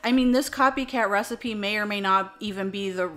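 A woman's voice: medium pitch, fairly quick, pushed and bright. A woman co-hosting a podcast in casual chat, musing aloud and hedging as she talks. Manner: conversational, thinking aloud with hedges. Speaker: podcast co-host.

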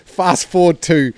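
A man's voice: fairly high pitch, no room sound. A man hosting a podcast, chatting and telling stories bluntly with plenty of swearing. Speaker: podcast host. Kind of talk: casual chat.

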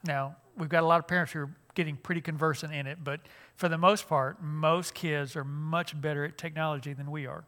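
A man's voice: a little high, steady tone, a little fast, bright, forceful tone. An older man, giving a folksy, joking talk at a church conference, with frequent restarts. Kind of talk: humorous seminar talk.

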